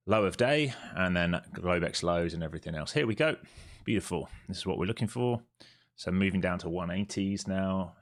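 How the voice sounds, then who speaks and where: A man giving live running commentary on his trades, talking fast and breaking into excited, swearing outbursts when the market moves his way. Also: low voice. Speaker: day trader streaming live. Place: home trading desk with several monitors.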